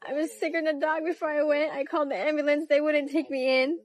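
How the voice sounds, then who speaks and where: A woman's voice: high voice, flat delivery, fast, no room sound. A sick woman living in an RV, talking upset with her voice breaking into tears and coughing. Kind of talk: street interview.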